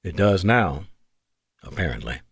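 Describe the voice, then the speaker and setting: Brief: man doing a joking, affectionate jet pilot, lively pitch, dry studio read. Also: measured pace, breathy edge, dry recording, heavily acted. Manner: wry, joking.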